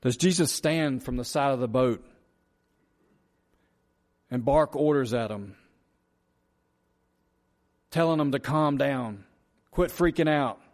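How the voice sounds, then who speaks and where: A man's voice: medium pitch, slow pace, pauses often. A man preaching a sermon, earnest and repetitive, asking the congregation rhetorical questions. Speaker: pastor.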